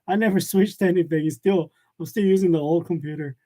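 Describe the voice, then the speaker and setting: His voice high-pitched and warm, a man briskly hosts a relaxed live chat from his workshop for a print shop channel. He reads comments aloud and jokes and laughs a lot, picked up by a wireless lavalier mic.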